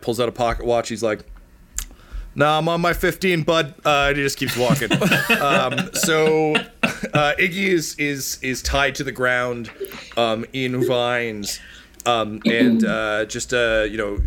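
A man's voice: medium pitch, fairly even intonation, a little slow, fairly bright tone. A man narrating as game master of a tabletop game, telling the scene loosely with many fillers. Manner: loose, filler-heavy storytelling.

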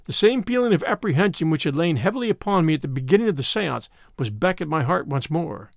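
A man narrating a classic ghost story in a vivid, expressive storytelling manner. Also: a little high, quick pace, vocal fry, dry recording, studio quality. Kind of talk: dramatic audiobook narration.

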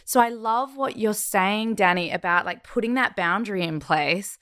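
A woman's voice: mid-range voice, moderate pace, a bit bright. A woman co-hosting a podcast in casual chat, affirming her guest and asking questions. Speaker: podcast co-host.

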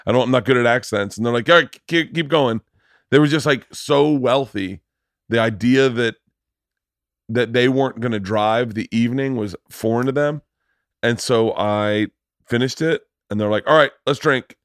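A male comedian hosting a podcast, chatting casually and telling profane stories with a laugh, sometimes dropping low and soft. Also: normal speed, no room sound, clean studio sound. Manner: laughing, profane storyteller who drops low and soft at times.

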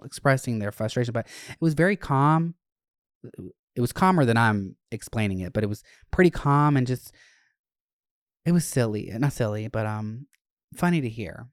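A young man hosts his podcast, telling a casual story in a loose, animated way. His talk is chatty and full of swearing. The recording is dry, with no room echo. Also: medium pitch, clean tone. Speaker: podcast host.

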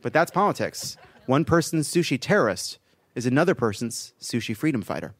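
A man's voice: medium pitch, animated, fairly quick, a little hiss or hum. A man hosting a podcast, delivering a sardonic comedic news monologue with swearing and laughing at his own jokes. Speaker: podcast host.

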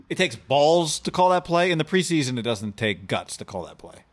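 A podcast co-host with a fairly high voice and big pitch swings rattles through ad reads and mailbag questions on a casual sports show. He's playful, speeding through the ads.

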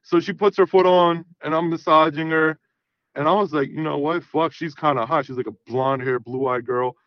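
A man's voice: on the high side, normal speed, no room sound. Man, casual storytelling, profane, quotes himself, dry, muffled sound. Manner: profane, animated, acts out quoted dialogue. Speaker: podcast guest.

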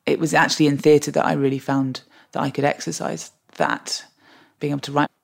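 Low-pitched woman telling a lively story. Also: a little fast, vocal fry, slightly rough. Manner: animated storyteller, laughs often. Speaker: guest. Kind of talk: interview anecdote.

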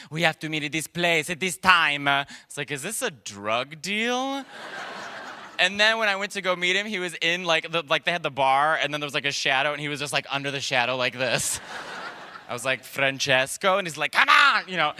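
Bright-voiced man doing stand-up. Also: on the high side, a little hiss or hum. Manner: animated storytelling with acted-out voices. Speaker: stand-up comedian. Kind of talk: stand-up comedy set. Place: comedy stage before a live audience.

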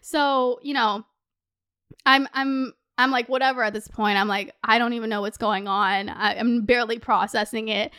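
A young adult woman telling a dating storytime on her vlog, animated and profane, swinging between laughter and near-tears. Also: fairly high pitch, moderate pace, smooth. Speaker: vlogger.

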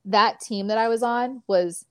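A woman's voice: on the high side, unhurried, clear, resonant tone, no echo. Chatty young woman athlete, dry sound. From California. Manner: chatty, filler-heavy "like", animated storytelling. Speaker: athlete guest. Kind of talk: casual interview chat.

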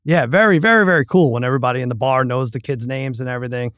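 A man co-hosting a casual podcast, telling stories with animated outbursts and acted-out quotes. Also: medium pitch, rapid-fire, no room sound, studio quality. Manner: animated storyteller, acts out loud outbursts. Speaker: co-host.

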